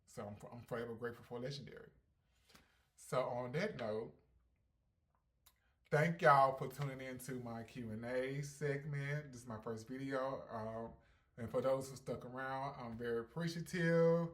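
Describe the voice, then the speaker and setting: A ballroom performer hosting a casual Q&A vlog, brash and sassy with heavy slang, swinging between loud hyped bursts and calm reflection. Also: medium pitch, normal speed. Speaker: ballroom performer and channel host.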